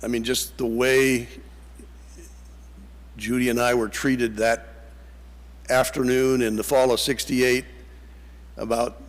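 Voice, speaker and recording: An older man speaking at a memorial, reflective and unhurried, sometimes repeating key words. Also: mid-range voice, little pitch movement. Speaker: eulogy speaker. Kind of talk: memorial tribute speech. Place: church sanctuary. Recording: long church reverb.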